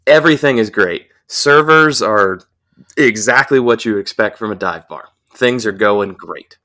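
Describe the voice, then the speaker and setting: A man's voice: lowish voice, a little slow. A young man casually telling a rowdy, profanity-laced story on a podcast. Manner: profane, animated anecdote telling. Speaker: podcast co-host.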